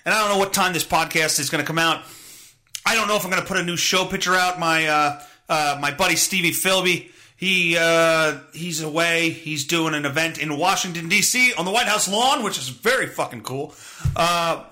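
A man's voice: on the high side, normal speed, sharp tone. A man in his thirties hosting a solo podcast, rambling, sarcastic and full of swearing. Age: 30s. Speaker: podcast host. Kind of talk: casual solo podcast rant.

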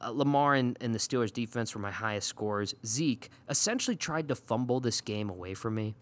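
A man hosting a casual recap of his league's matchups. He talks in an animated, sarcastic way and swears often. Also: mid-range voice, fairly quick. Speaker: fantasy league podcast host. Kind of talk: casual profane recap rant.

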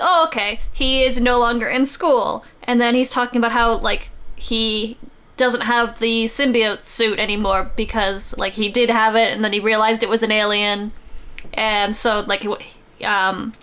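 A woman's voice: fairly high pitch, a bit bright. A woman guest on a casual comics podcast, chatty and rambling with lots of fillers. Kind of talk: casual chat about comics.

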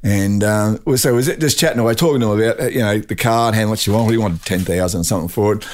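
An older man with an Australian accent, a guest telling a rambling, animated anecdote full of restarts. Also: on the low side, fast talker. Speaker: guest, retired drag racing champion. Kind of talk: storytelling anecdote.

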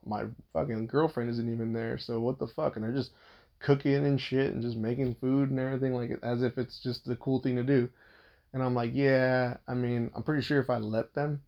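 Gravelly man in a profane rant. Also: muffled recording. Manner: agitated, heavy swearing, pitch jumps on quoted outbursts. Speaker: husband venting about his father-in-law. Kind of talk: casual profane storytelling rant.

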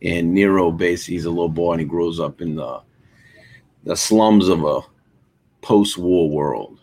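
A man talking as a guest on a podcast, animated and laughing, often repeating words as he restarts. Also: low voice, moderate pace. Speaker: guest, comic creator. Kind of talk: casual podcast chat.

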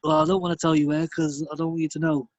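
Man doing northern pub bore: high, dry, rambling puns. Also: level tone, fast, no room sound, lightly acted. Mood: jovial. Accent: northern English. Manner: rambling, pun-telling, beery banter. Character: chatty pub regular telling bad jokes, man.

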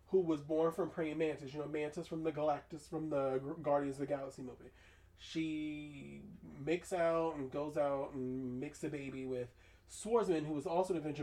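A man with a fairly high voice hosts a casual chat. He rants in an animated, opinionated way, full of slang and asides. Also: rough recording. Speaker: podcast host.

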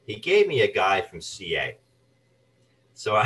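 A man's voice: fairly low pitch, unhurried, long pauses, recorded from a distance, poor audio. A man, an actor and voice artist, telling career stories as an interview guest and acting out the people he quotes. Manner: animated anecdotes, acts out quoted voices. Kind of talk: storytelling interview chat.

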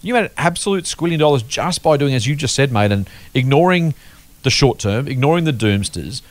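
A man, hosting a casual investing podcast chat, emphatic and lively. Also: mid-range voice, no room sound. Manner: animated, emphatic, quick-talking. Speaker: podcast host.

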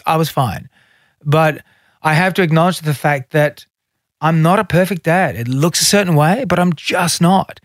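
A man's voice: on the high side, normal speed, no echo, clean studio sound. A middle-aged man, a guest in a casual interview, telling stories and acting out what others said. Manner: animated storyteller, acts out quotes.

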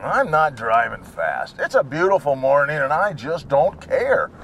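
A man's voice: a little high, sing-song, measured pace, a bit bright, lo-fi sound, slight background noise. A man ranting sarcastically and rambling from topic to topic while he drives his car, swearing now and then. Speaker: vlogger. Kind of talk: rambling driving vlog.

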